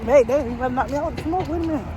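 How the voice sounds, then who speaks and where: A woman vlogging casually to her viewers, loud and profane and laughing often, talking about being a mother. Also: high voice, rapid-fire. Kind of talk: casual vlog chat. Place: outdoors and in a car. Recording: noisy background.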